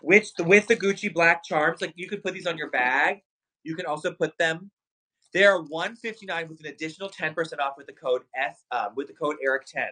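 A man hosting a live shopping stream with a bright, forward voice pitched a little high. He talks fast and excitably, hyping each product and calling out to his viewers. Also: husky, rough recording. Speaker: livestream shopping host. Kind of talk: live sales stream chat.

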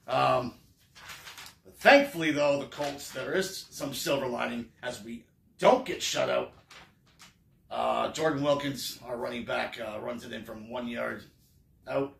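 Wry man with a gravelly voice. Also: medium pitch, unhurried, a bit bright, reverberant, distant mic. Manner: wry, sarcastic, rambling. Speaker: sports fan vlogger. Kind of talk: casual game recap.

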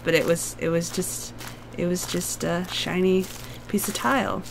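A woman with a husky, hoarse voice from a long cough, giving a chatty, jumpy, self-mocking play-by-play of a horror game. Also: lowish voice, normal speed. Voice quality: husky, smoker-like voice. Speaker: gaming video host. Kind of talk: casual let's-play commentary.

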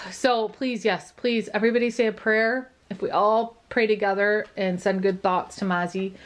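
A woman's voice: mid-range voice, slight background noise. A woman vlogging a casual update, emotional and relieved, tearing up and talking with many fillers.

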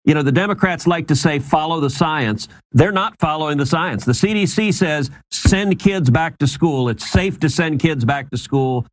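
Man, politician interview clip, stammering, indignant, slightly high voice. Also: lively intonation, moderate pace, few pauses. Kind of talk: political talking points.

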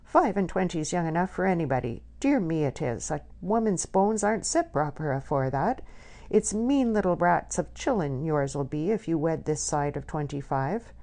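A woman's voice: low-pitched, lively intonation, normal speed, warm tone. A woman voicing a blunt, motherly older countrywoman who scolds in broad country dialect. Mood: indignant.

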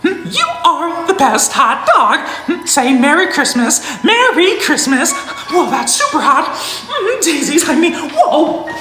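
Mickey Mouse, giggly and squeaky. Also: male voice, very animated, a little slow, hardly any pauses, full character voice. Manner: giggly, folksy, greets viewers by name. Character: cheerful squeaky male cartoon mouse. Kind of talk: live-stream character impression. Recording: roomy room, faint music.

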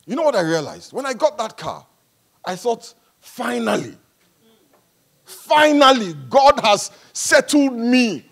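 A male pastor preaching a sermon at a church service, animated and humorous, swinging between quiet asides and loud passages. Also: extremely high pitch, slow pace, gravelly.

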